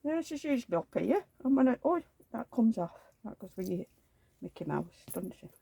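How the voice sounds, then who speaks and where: A woman's voice: a little high, big pitch swings, moderate pace, gravelly, dark tone, slightly rough, no echo. A woman, rambling through homely anecdotes in a chatty vlog and acting out the dialogue. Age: 70s. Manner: rambling anecdotal storytelling, acts out quoted dialogue. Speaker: reborn doll collector.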